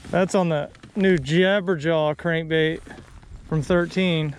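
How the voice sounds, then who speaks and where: A man from Florida hosting a fishing vlog, talking casually and excitedly from a boat on a lake. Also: fairly high pitch, slight background noise. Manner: excitable, quick exclamations while reeling in fish. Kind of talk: casual outdoor commentary.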